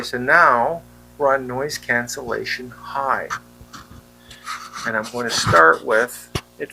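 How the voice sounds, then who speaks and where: A man with a creaky, sharp, medium-pitched voice reviews a wireless handheld mic in a room where a fan is on. He speaks plainly, asking the viewer if both his voice and the fan are audible. The rough recording has a faint fan hum beneath it.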